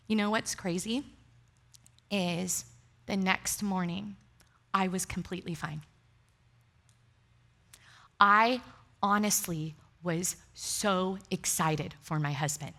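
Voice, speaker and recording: A woman's voice: medium pitch, takes it slowly, long pauses. A woman pastor telling a personal story in a sermon, acting out the dialogue with laughter. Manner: animated, acts out dialogue with laughs. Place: church stage.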